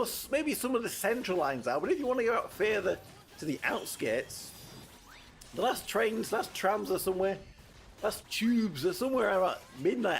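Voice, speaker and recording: A man's voice: sits high, gravelly. A man from the UK, chatting casually and rambling as he streams a game as a VTuber. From United Kingdom. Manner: rambling, chatty, with frequent restarts. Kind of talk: casual gameplay commentary.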